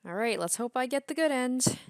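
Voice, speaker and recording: A woman's voice: sits high, expressive, fairly quick, a little hiss or hum. A woman hosting a let's play, musing chattily as she plays through a game. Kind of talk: casual game commentary.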